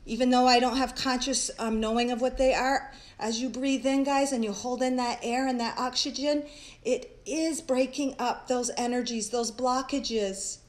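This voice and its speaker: A woman's voice: on the high side, steady tone, normal speed, poor audio. A woman hosting a live-streamed spiritual talk, speaking earnestly in long, flowing strings of repeated phrases and calling her viewers guys. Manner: earnest and heartfelt.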